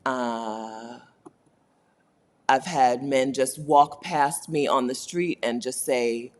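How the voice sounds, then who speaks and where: A woman's voice: a bass voice, takes it slowly. Chatty woman laughing often. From United States. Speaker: host. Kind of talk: casual livestream chat.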